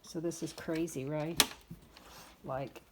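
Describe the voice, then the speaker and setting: A woman's voice: low voice, steady tone, slow, very noisy. A woman in her fifties, a dog breeder, chatting casually and bluntly about her puppies at her kennel, with exasperated asides. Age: 50s. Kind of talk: casual vlog chat.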